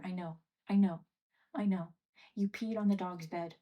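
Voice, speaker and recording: A woman chatting casually on a livestream from her home workspace, rambling and scolding her pets with soft muttered asides. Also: lowish voice, fairly even intonation, brisk.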